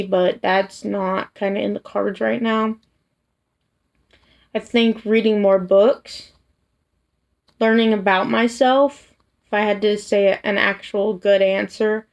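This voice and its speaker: Slow, gravelly-voiced tired woman vlogger. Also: medium pitch, highs cut off. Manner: soft, hesitant, with many restarts and fillers. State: tired, yawning. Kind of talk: casual personal chat to camera.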